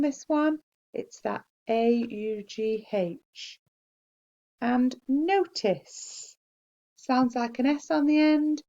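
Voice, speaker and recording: A woman teacher giving a slow, clear spelling dictation to young children and praising them gently. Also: sits high, dull audio. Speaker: primary school teacher.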